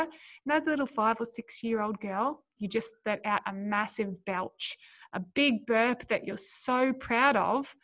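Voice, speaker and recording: Woman, podcast host, slightly high voice, earnest and encouraging, speaks right to the listener. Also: a bit bright. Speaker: podcast host and business coach for mothers. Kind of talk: solo podcast talk.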